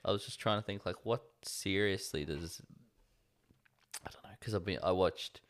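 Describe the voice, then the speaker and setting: Aussie guy podcasting, low gravelly voice, lots of ums and likes. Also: moderate pace. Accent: Australian. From Australia. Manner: rambling, hesitant, many fillers. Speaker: podcast co-host. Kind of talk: casual chat.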